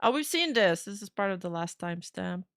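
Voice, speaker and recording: A young woman streamer giving excitable live reaction commentary, laughing often and swearing freely. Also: mid-range voice, fairly quick, no room sound, clean studio sound, faint music behind. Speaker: VTuber streamer.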